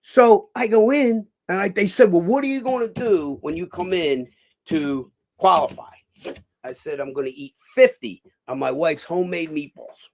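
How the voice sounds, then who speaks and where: Man, middle-aged, gravelly, animated storyteller, swears often. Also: high voice, normal speed. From Philadelphia. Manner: animated, swears a lot, acts out quoted voices. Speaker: guest. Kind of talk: casual storytelling.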